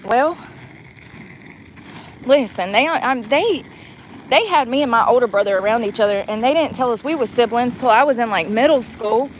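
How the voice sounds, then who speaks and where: A woman's voice: fairly high pitch, expressive, normal speed, pauses often, a little hiss or hum, rough recording. A woman in her forties chatting casually while driving, rambling and laughing through her words. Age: 40s. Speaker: vlogger. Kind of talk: casual chat.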